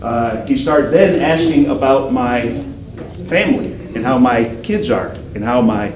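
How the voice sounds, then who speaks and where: A man's voice: mid-range voice, a little slow. An older man, a federal agent, telling a story to police recruits and acting out the voices he quotes. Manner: animated, acts out quoted voices. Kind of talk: storytelling speech. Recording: roomy hall sound, faint background noise.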